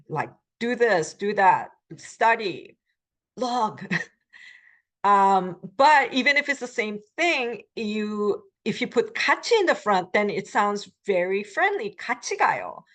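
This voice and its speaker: A woman teaching a beginner language lecture, explaining step by step, with frequent filler pauses while she models short phrases. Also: medium pitch. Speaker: Korean language instructor.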